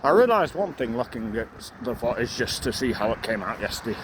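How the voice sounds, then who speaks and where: A young man rambles to his camera while walking down a residential street, slightly out of breath and full of ums and restarts. Street noise and passing cars are clearly heard behind him. His voice sits at an ordinary middle pitch. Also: big pitch swings, fairly quick. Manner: rambling, many fillers and restarts. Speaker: vlogger. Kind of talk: casual walking vlog monologue.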